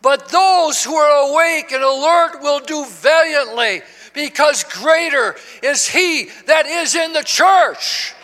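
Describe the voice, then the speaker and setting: A man in his sixties, a pastor, preaching a sermon that swells into shouts and call-and-response. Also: very high-pitched, takes it slowly. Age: 60s. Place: church sanctuary. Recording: long reverb of a church hall.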